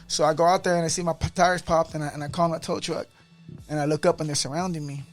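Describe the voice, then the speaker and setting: Fast-talking excitable man telling a story. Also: on the high side, soft background music. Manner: excitable, repeats words, often says "Jesus Christ". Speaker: podcast guest. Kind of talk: animated storytelling.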